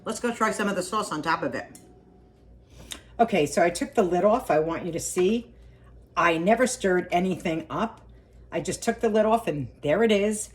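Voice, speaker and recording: A woman hosts a homey, casual cooking vlog, chatting away, repeating herself, and humming as she tastes the food. Her voice is on the low side and she talks at a moderate pace.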